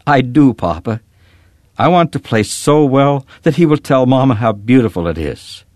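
A man voicing an earnest young girl who pleads with her father, lifting his voice higher for her. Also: lively intonation, moderate pace, no room sound, clean studio sound, natural voice. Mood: tender. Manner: earnest, pleading, rising to shouts.

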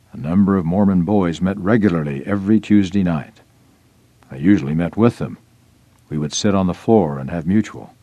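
A man reading a first-person religious article aloud in an earnest, measured storytelling manner. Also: low voice, dark tone, no room sound. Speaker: reader.

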